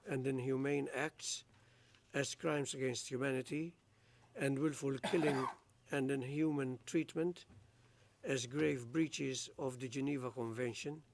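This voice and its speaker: A man, the presiding judge, reading out a formal appeals judgment in a slow, measured legal recitation. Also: medium pitch, darkish tone.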